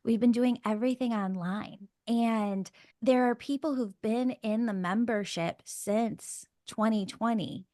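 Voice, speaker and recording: A woman podcast host tells a story in a casual, animated way, dropping "like" and "oh my God" as she goes. Her voice sits a little high and is recorded close and dry. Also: no echo. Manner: animated and gushing, with frequent fillers like "like" and "oh my God".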